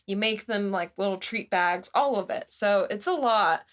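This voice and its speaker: A woman's voice: medium pitch, moderate pace, fairly bright tone. A young woman co-hosting a podcast in casual chat, reacting to stories and asking curious questions. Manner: reactive, inquisitive. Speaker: podcast co-host.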